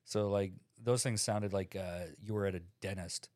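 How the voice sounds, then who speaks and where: A man's voice: fairly low pitch, fairly even intonation, normal speed, darkish tone, dry recording, clean studio sound. A man co-hosting a podcast, a tattoo artist in casual chat, laid-back and rambling with lots of fillers.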